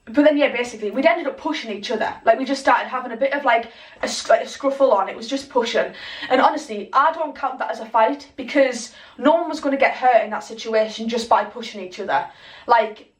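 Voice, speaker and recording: Lively young woman telling a story. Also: on the high side, fairly quick. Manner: animated, swears a lot, acts out quotes. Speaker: vlogger. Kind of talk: casual storytelling. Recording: echoey room, mic at a distance.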